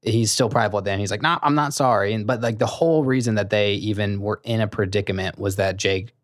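Laid-back young man, low voice. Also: fairly even intonation, fast, dry recording, clean studio sound. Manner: laid-back, loose and storytelling. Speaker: podcast co-host. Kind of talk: casual podcast chat.

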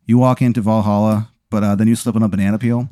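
A man's voice: lowish voice, flat delivery, fast talker, warm tone, no room sound, studio quality. A man hosting a comedy podcast, improvising a silly story with fillers and stifled laughs. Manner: rambling with fillers, laughing as he tells it. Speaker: podcast host.

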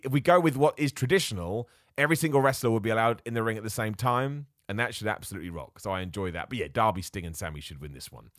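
A man's voice: mid-range voice, no room sound. Male solo podcast host: rambling, opinionated, and casual, with a middle-range voice and a dry, close sound. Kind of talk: casual solo wrestling chat.

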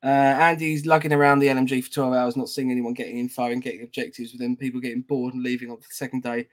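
A man's voice: medium pitch, flat delivery, quick pace. Laid-back British man reading chat. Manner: laughs often, reads chat comments aloud. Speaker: podcast co-host reading live chat. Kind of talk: casual chat.

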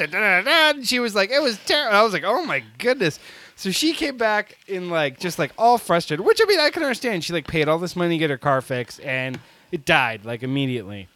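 A man co-hosting a podcast, spinning a casual story with lots of fillers and frequent laughter. His voice sits high and swings widely in pitch. The sound is dry and close. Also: normal speed, no room sound. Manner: animated, laughs often, many fillers. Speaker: podcast co-host.

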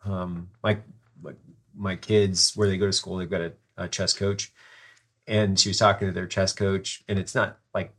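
A man's voice: deep voice, little pitch movement, moderate pace, husky. A man hosting a podcast, telling a rambling story and swearing freely in casual chat.

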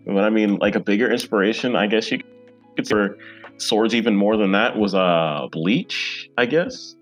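A man in his twenties, a comic creator, guests on a podcast and chats casually and eagerly, rambling with plenty of fillers. His voice is fairly low and fairly bright, at a normal speed, with soft music in the background.

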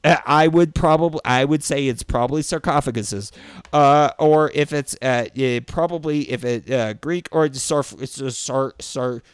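Slow-talking, exasperated man ranting. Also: smooth, no echo. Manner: exasperated, swearing, with mocking high-pitched impressions. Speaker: podcast host. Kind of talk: profane ranting monologue.

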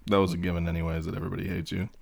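A man's voice: deep voice, level tone, racing, creaky, darkish tone. A man co-hosting a casual live show, teasing his friend with joking banter. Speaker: co-host. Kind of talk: casual chat.

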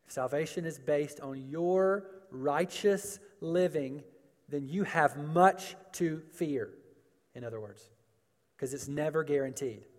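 A man's voice: on the high side, takes it slowly. A man preaching a sermon, emphatic, with rhetorical questions and repeated phrases, in a large church hall. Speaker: pastor. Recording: long hall reverb.

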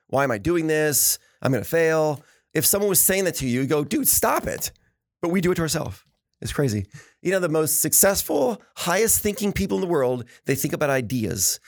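A man's voice: medium pitch, no echo, clean studio sound. A man hosting a motivational podcast, telling stories in an earnest, preachy way and often repeating words. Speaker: podcast host.

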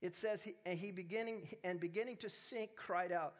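Man pastor, high voice, sermon delivery, humorous storyteller who turns emphatic. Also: moderate pace, few pauses.

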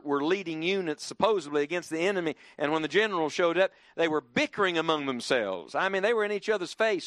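A man's voice: on the high side, a bit bright, no room sound, studio quality. A man preaching a sermon to a church congregation, swinging his voice up and down for emphasis and leading the crowd in call-and-response.

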